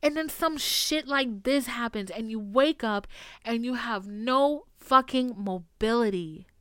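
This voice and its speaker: Young woman, from the US, higher-pitched, casual confessional talk, swears a lot, dry recording. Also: a bit bright, no echo. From United States. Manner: profane, rambling, fast-talking, laughs to cope. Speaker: podcast host.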